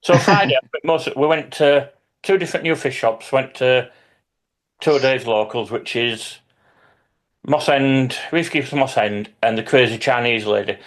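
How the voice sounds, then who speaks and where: A man, a hobby YouTuber, telling lively anecdotes in casual chat with some swearing. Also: medium pitch, unhurried.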